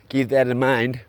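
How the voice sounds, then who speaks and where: A man drawls through a long story from his roofing work, taking his time and using loose everyday slang. His voice sits at an ordinary pitch. The sound is dry and close, with no room echo. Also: gravelly, a bit bright. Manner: slow, rambling delivery with plain spoken slang. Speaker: roofer telling a work story. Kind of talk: casual storytelling vlog.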